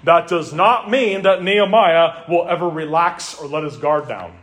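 A man with a high voice preaches an expository sermon. He talks earnestly and emphatically, and he builds his points through repeated lists. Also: normal speed, fairly bright tone. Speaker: pastor.

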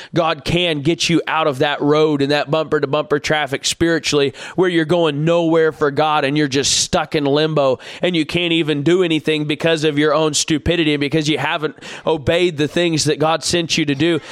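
A man preaching a sermon, folksy and plainspoken, building to loud exhortation. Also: fairly high pitch, clean tone, no room sound, clean studio sound. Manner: rises from calm teaching to loud shouted exhortation; folksy farm imagery, plainspoken.

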